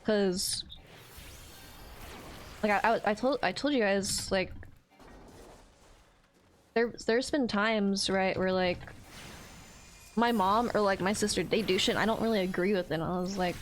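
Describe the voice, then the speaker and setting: A woman's voice: mid-range voice, unhurried, long pauses, a little hiss or hum, poor audio. A young woman streamer venting in casual chat to her viewers, swearing often and stumbling over her words. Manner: ranting, frequent swearing and restarts.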